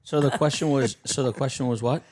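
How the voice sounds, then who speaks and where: A man's voice: mid-range voice, brisk, darkish tone. A young man hosting a podcast in casual chat, rambling with lots of restarts and filler words. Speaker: podcast host.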